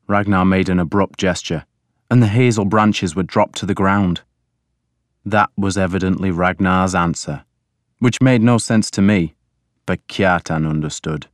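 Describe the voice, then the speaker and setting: Male audiobook narrator; deep, unhurried, measured, dry. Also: dry recording. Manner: measured, deliberate.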